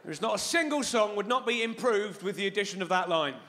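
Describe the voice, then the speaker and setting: A man's voice: high-pitched, lively intonation, fast talker, bright, forceful tone. A man doing live stand-up comedy on a big concert hall stage, sweary and playful, teasing the crowd.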